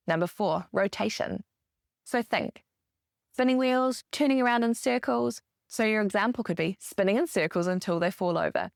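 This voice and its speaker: A woman hosts a solo parenting podcast at a middle pitch. She talks in a coaching tone and brightens her voice when she models phrases for parents. The sound is close and completely dry, with no room around it. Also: normal speed, creaky, dry recording. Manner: warm coaching tone, lifts her voice for example phrases. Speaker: podcast host.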